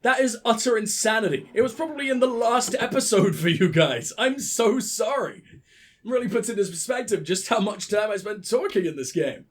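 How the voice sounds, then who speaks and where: Southern english dude rambling over a game, sick, swears a lot, sarcastic, pretty high pitched. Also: male voice, expressive, fairly quick, slightly rough. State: ill. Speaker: let's play host. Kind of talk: casual gameplay commentary.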